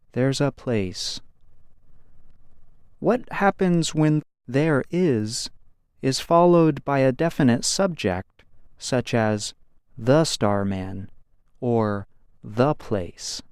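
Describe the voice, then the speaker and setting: A man narrating a scripted grammar lesson in a slow, careful, explanatory way. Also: mid-range voice, darkish tone, smooth, dry recording, clean studio sound.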